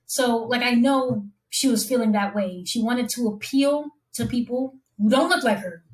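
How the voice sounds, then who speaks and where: Animated woman acting out quoted dialogue. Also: a little high. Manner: fast, rambling with restarts. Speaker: guest copywriter and copy coach. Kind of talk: casual conversation.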